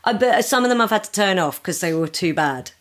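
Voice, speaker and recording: Giggly woman with a lively voice. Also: lowish voice, brisk. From United Kingdom. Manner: laughs often, breaks into comic voices of film characters. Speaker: guest comedian. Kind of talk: casual podcast chat. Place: remote, across the ocean from the hosts.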